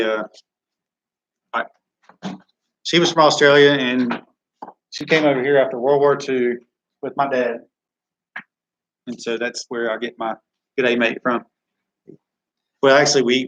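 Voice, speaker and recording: A man's voice: medium pitch, fairly bright tone, muffled recording. A man hosting a live chat Q&A from a studio, rambling and reading viewer comments aloud. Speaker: live stream host.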